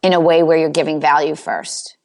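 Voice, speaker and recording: A woman with a Boston accent, a guest on a podcast interview, talking fast and self-assured as an Instagram coach. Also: sits low, flat delivery, creaky. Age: older.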